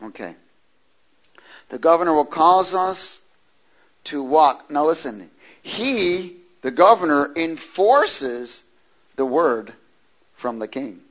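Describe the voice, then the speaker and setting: A man's voice: fairly high pitch, lively intonation, low-quality recording. A man preaching a sermon and reading scripture aloud, stressing words and calling for responses from the congregation. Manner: emphatic, calls for responses from the congregation; draws out scripture words slowly, with sudden loud stresses.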